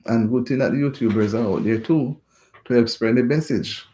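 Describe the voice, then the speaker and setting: A man talks to his livestream viewers from home in a loose, rambling way. He circles back over the same points, indignant, repeating phrases. His voice sits at an ordinary pitch with a warm, mellow tone. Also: normal speed. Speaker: host of a livestream chat. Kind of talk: casual livestream talk.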